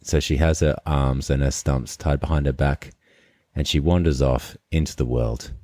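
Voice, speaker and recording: A man hosting a podcast, retelling a fairy tale in a relaxed, conversational way before discussing it. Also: a bass voice, moderate pace, no echo. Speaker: podcast host. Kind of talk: conversational storytelling and commentary.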